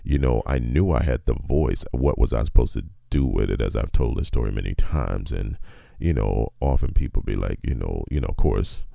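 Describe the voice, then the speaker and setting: A man with a cavernously low bass voice full of gravel and fry. His tone is dark and mellow, and his delivery is laid-back and colloquial, stretching words for emphasis. The sound is dry and close. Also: moderate pace, few pauses. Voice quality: very deep bass voice. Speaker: guest. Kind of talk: casual motivational storytelling.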